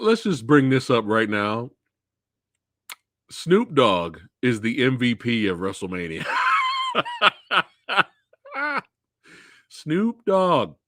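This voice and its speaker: Animated laughing man hosting a live stream. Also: medium pitch, dry recording, clean studio sound. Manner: animated storytelling with frequent laughter. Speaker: livestream host. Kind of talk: casual live Q&A chat.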